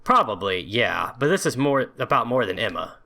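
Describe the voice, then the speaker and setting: A man's voice: mid-range voice, big pitch swings, moderate pace, creaky, sharp tone. A young man casually commenting on a video game, reading its text aloud, joking sarcastically and swearing often. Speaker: video game let's play host.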